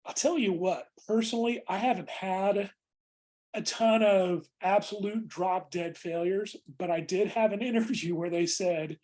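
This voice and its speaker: A man's voice: sits high, unhurried, a little mellow. A man teaching a class on job interviews, talking informally and calling students "guys". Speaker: instructor.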